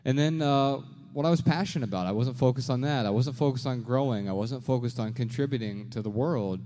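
A man's voice: mid-range voice, fairly quick, warm tone. A man co-hosting a live podcast show, telling his story in an earnest, reflective way before an audience. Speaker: podcast co-host. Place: large venue with a live crowd. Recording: reverberant live venue.

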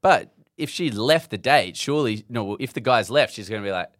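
Man, podcast host, animated up-and-down voice, dry close sound, casual joking chat. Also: medium pitch, brisk, no room sound. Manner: lively, joking, drops into impressions.

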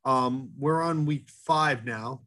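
A middle-aged man, a head baker, talking earnestly in an interview, halting often with fillers and restarts. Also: medium pitch, pushed and bright. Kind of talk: casual interview talk.

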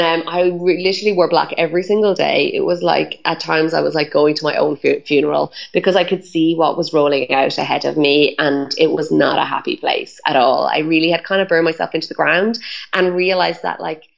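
A woman's voice: low voice, vocal fry, highs cut off. A woman telling her story as an interview guest, chatty and full of "like" and "um" fillers. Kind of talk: casual storytelling.

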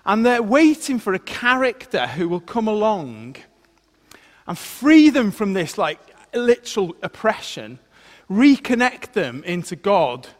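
Casual male preacher, high voice, long hall reverb, talks it through plainly. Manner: casual explaining, asks "okay?" to listeners. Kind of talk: sermon.

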